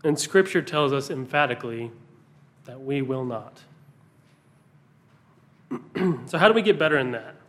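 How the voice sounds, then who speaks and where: A man preaching a sermon, earnest, pausing for emphasis as he reads scripture aloud. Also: mid-range voice, lively intonation.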